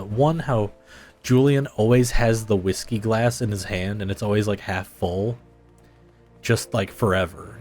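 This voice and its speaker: A man's voice: fairly low pitch, a little mellow. A man streaming a game live, chatting casually with viewers in a laid-back way and laughing often.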